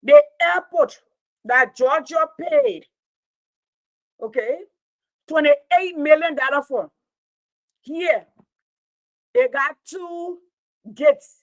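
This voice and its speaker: A woman's voice: high-pitched, dry recording, poor audio. A woman, a teacher talking straight to her online audience in an impassioned, preachy monologue, repeating her points for emphasis.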